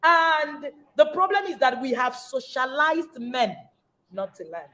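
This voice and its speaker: A woman's voice: sits high, big pitch swings, measured pace, pushed and bright. Fiery woman hosting a podcast. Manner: passionate and sermon-like, with sudden emphatic bursts. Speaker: podcast host. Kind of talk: podcast talk on parenting.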